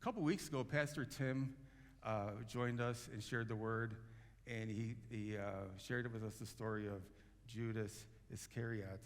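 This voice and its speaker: In a church sanctuary, a pastor with a lowish, steady voice preaches unhurriedly. His sermon is loose and conversational, with frequent restarts and fillers, and a long church-hall reverb fills the recording.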